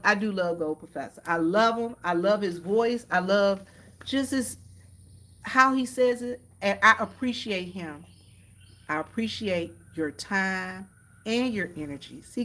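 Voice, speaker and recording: A woman's voice: medium pitch, a bit bright. A woman chatting casually to her viewers on a phone stream from the countryside, repeating herself and calling out "y'all" again and again. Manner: chatty, repetitive, keeps addressing viewers as y'all. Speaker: vlogger. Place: outdoors in the countryside near horses.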